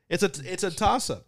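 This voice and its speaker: A man's voice: high-pitched, no room sound, studio quality. A young man co-hosting a podcast, laughing a lot and defending himself in casual banter. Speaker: podcast co-host. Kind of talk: casual chat.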